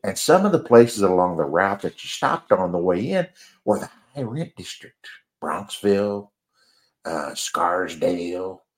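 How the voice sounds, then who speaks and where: Male storyteller, deep and animated, rambling and self-mocking in casual anecdote. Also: a little slow. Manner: rambling, chuckling, self-deprecating.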